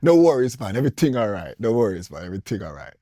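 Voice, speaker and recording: A man voicing a smooth, reassuring Jamaican male manager who murmurs in a low, hushed Jamaican accent. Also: sing-song, fast talker, no room sound, studio quality.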